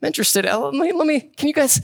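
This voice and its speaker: Guy doing a squeaky flirty dude, teasing and playful. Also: lively intonation, rapid-fire, vocal fry, no echo, studio quality, full character voice.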